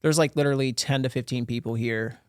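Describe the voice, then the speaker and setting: A man's voice: medium pitch, steady tone, fast, clean tone, dry recording, studio quality. A man from a small town in Pennsylvania, a podcast guest telling his story in a candid, self-deprecating, joking way. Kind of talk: casual storytelling interview.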